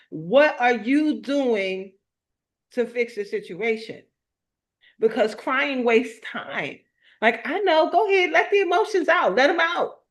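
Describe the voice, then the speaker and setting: A middle-aged woman giving a motivational talk. She speaks emphatically, in a preacher-like rhythm of repeated phrases, and tells personal stories along the way. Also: a little high. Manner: emphatic, preacher-like repetition with storytelling.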